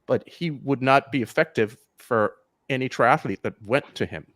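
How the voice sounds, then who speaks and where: A man's voice: medium pitch, normal speed, a bit bright, no echo, studio quality. A man who coaches triathlon swimming, giving frank advice in a casual live interview over a video call, with many restarts.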